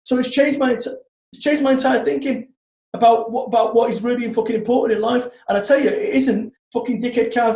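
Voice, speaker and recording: A blunt man talks in a high but mellow voice, swearing constantly as he tells animated stories. The sound bounces around an echoey room. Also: brisk. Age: 40s. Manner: blunt, heavily profane, animated storytelling. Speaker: guest, motivational speaker. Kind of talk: casual podcast chat.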